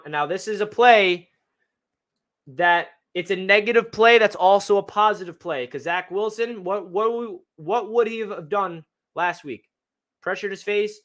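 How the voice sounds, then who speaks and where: A young man excitedly breaking down game film as a fan analyst, talking in a slangy way full of exclamations. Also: high voice.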